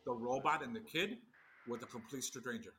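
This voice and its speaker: A man co-hosting a podcast in casual chat, excitable and eager. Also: medium pitch, normal speed, faint music behind. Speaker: podcast co-host.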